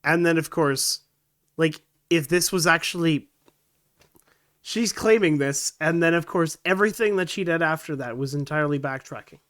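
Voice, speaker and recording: A man's voice: on the high side, normal speed, fairly bright tone. A man co-hosting a podcast, reading news aloud and adding agreeable, sarcastic asides. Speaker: podcast co-host.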